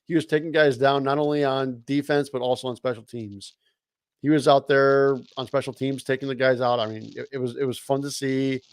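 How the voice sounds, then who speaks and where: Male co-host, mid-pitched, easygoing chatty sports talk. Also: little pitch movement, fairly quick, clean tone, no echo, rough recording. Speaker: podcast co-host. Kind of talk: casual sports chat.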